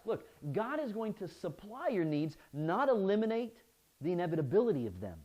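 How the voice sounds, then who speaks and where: A man's voice: high voice, very animated, brisk, darkish tone, low-quality recording. A man preaching a sermon as pastor, often restarting his phrases and asking the listeners "right?".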